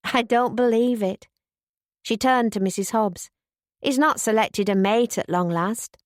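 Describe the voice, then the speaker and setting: Woman reading a novel aloud, even gentle storytelling, close dry mic. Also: mid-range voice, no echo. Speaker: audiobook narrator. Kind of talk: scripted narration.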